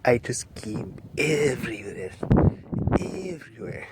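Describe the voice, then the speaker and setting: A man's voice: mid-range voice, very animated, slow pace, heavy background noise. A young man playing an eccentric, boastful French man in a comedy skit, rambling and swearing in a put-on French accent as he walks outdoors on ice. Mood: goofy. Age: young adult. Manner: goofy, rambling, swearing, self-narrating. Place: outdoors on icy ground.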